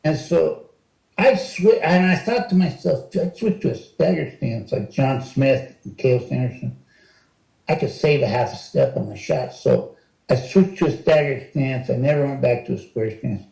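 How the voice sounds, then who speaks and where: A man in his sixties, an interview guest, telling stories in a lively, animated way and jumping higher when he acts out what was said. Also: normal speed, vocal fry. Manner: animated storyteller, acts out quotes with rising pitch. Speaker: interview guest, retired wrestler. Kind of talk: casual storytelling interview. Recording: roomy echo.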